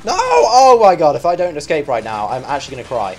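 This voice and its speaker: Young male YouTuber, lively gameplay commentary, frequent panicked yelps, slightly high voice. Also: fast, few pauses, faint music behind. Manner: excitable, yelps and shouts at the game. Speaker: gaming YouTuber.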